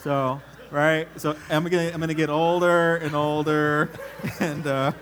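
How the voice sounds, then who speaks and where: Animated man preaching with funny stories. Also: on the high side, a little slow. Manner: animated storyteller, acts out voices, laughs often. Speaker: pastor. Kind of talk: conversational sermon with stories.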